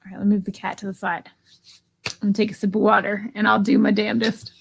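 A woman's voice: mid-range voice, little pitch movement, fast talker, vocal fry, slight background noise. A woman hosting a live online auction, chatting casually and giggling as she reads out bids. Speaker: live sale host.

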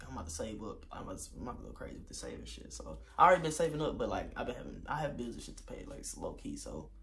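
A young man, telling a story in a casual vlog, animated and slangy, getting loud when he quotes himself. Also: fairly low pitch, rapid-fire, creaky. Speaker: vlogger.

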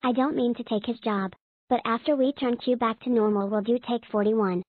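A man's voice: extremely high pitch, fairly even intonation, fairly quick, dry recording, phone-quality sound, pitched above the performer's own voice. A man voicing a sleepy, bashful cartoon logo letter in a raised, sheepish voice.

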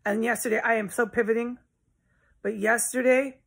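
A woman's voice: a little high, steady tone, moderate pace, creaky, breathy edge. A woman vlogging from her house in a rambling, agitated monologue, swearing often and jumping between topics. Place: at home in a house.

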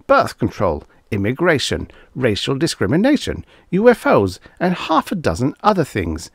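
A man reading aloud, voicing an excitable adult man who stammers and sputters in a raised, rapid voice. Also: medium pitch, no room sound, clean studio sound.

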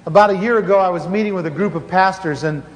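Male pastor, high voice, earnest storytelling sermon with restarts, conference hall echo, faint hiss. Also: fast.

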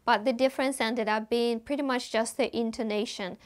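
A woman's voice: on the high side, fairly even intonation, brisk. A young woman with a Russian accent, a native Russian speaker, chatting to camera in a casual vlog in an upbeat, confiding way. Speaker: vlogger and actor.

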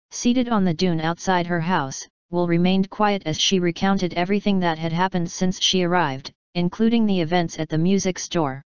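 A woman reading a novel aloud as narrator in a measured, even way. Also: fairly low pitch, clean tone, no echo. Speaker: audiobook narrator. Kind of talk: scripted narration. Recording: dull dry audiobook recording.

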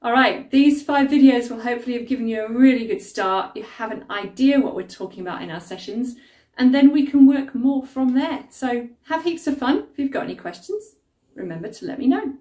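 A woman coaches singing, talking warmly and straight to her students. Her voice is mellow and rises and falls a lot. She sounds roomy and a little away from the mic. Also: on the high side, animated, brisk, recorded from a distance. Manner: friendly, chatty teacher talking straight to students. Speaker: vocal coach. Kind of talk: singing technique lesson.

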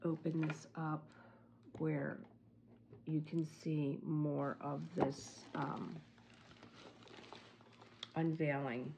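Slow-talking woman gushing over an unboxing. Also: deep voice, noisy background. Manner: gushing, excited, softly exclaiming. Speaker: crafting channel host. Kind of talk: casual unboxing vlog. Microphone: phone on a tripod.

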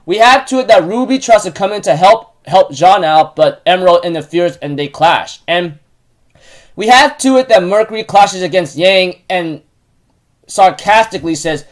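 Man, casual episode recap, slightly high pitch, halting, many fillers and restarts. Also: expressive. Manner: repeats stock phrases while retelling. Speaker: show recap vlogger.

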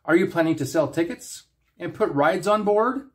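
A man's voice: a little high, expressive, normal speed, voice pushed up, lightly acted. A stern starship captain talks in short, impatient bursts, as a man reads him. His replies are curt and snapping. It is a fan story reading. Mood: irritated.

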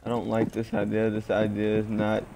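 A man streaming a shooter game, giving excitable commentary, swearing and yelling at teammates. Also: on the low side, moderate pace, gravelly, background noise. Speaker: gaming streamer. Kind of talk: casual gameplay commentary.

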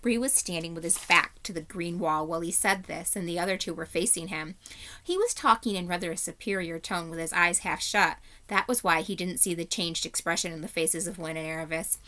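A woman teacher reading a children's novel aloud in steady, clear storytelling narration. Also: fairly low pitch, brisk.

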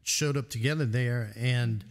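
A man's voice: medium pitch, measured pace. Man host in a reverberant room. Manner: friendly, encouraging, many short replies. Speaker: podcast host. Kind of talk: casual interview.

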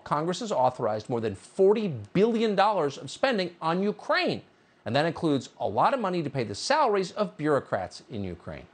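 A man's voice: a little high, breathy edge. A man hosting a cable news interview, talking in a sardonic, incredulous way with mocking asides. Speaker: TV news host.

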